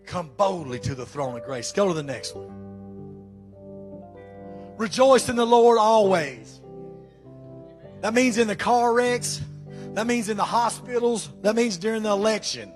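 High-voiced preacher. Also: male voice, unhurried, long pauses, faint music behind. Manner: emphatic preaching, exclamations of praise. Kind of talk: sermon.

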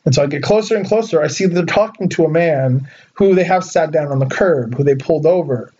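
Young guy from socal telling a funny story, high voice, lots of likes, kinda muffled audio. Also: a little fast, breathy edge. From Southern California. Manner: animated, laughing storyteller with filler "like". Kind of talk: casual chat.

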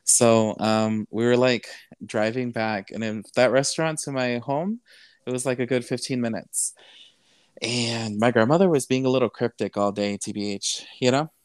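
His voice is medium-pitched and clean, at a normal speed, with no echo. As a podcast guest, the man recounts a personal story earnestly and with emotion, casually mixing English and Spanish and leaning on "you know."

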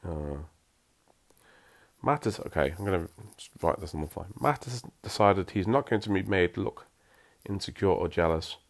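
Reading a story aloud at a moderate pace, a man with a very deep voice slips dry, self-mocking asides in between passages.

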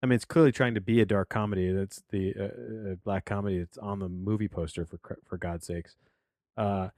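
A man's voice: sits low, steady tone, a little fast, darkish tone, dry recording. A man hosting a casual solo film-review podcast from his home office studio, rambling through tangents and restarts.

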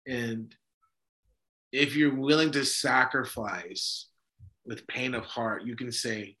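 Bright-voiced priest talking emphatically. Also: male voice, medium pitch, unhurried. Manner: emphatic, preachy, self-interrupting with many fillers. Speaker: Orthodox priest and podcast host. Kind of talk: casual religious discussion.

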